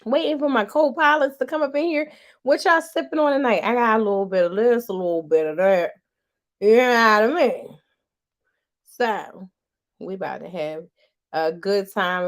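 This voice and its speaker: A woman hosting a live podcast in a casual, slangy, playful way, hyping up her audience. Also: mid-range voice. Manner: hype, slangy, playful, drawn-out words. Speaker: podcast host. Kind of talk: casual livestream chat.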